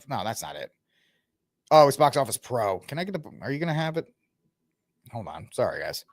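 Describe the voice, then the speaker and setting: Man, podcast host, casual rambling chat, fairly high voice, dry close mic. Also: dry recording. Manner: chatty, rambling, talks to the audience while browsing the web. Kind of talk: casual solo commentary.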